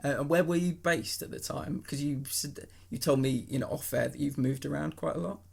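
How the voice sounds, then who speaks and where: A podcast host asking questions in a relaxed, curious manner. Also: medium pitch, brisk, gravelly, husky. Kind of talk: casual interview chat.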